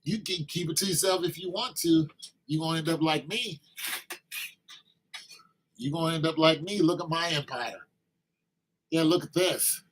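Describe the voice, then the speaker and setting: A man's voice: on the high side, moderate pace, long pauses, a little hiss or hum, low-quality recording. A man vlogging a rambling, teasing comic monologue that turns to preachy advice.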